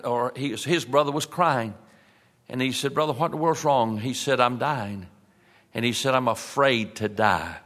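Man preaching, folksy, mid-pitched, long church-hall reverb. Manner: folksy preaching, slows for emphasis, drops soft at key points. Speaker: pastor. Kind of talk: sermon. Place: large church sanctuary.

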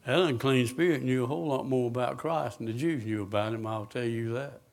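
A man's voice: medium pitch, fairly quick, creaky, a little mellow. A man preaching a sermon, asking the congregation questions and answering them himself.

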